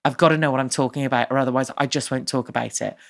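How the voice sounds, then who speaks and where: A woman's voice: very deep voice, steady tone, rapid-fire, creaky. A woman hosting her own podcast, talking solo in a chatty, rambling and upbeat way and laughing mid-sentence. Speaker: podcast host.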